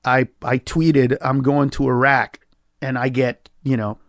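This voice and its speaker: A man, a comedian guest on a podcast, telling a story in an emphatic, profane way and acting out quoted lines with sudden jumps in pitch. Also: flat delivery, unhurried, no echo, studio quality.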